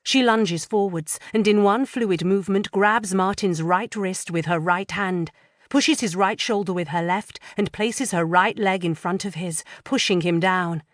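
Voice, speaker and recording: Woman narrator, audiobook thriller, lowish voice, dry close sound, measured tension. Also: no room sound. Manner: measured, tense storytelling. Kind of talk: scripted first-person thriller narration.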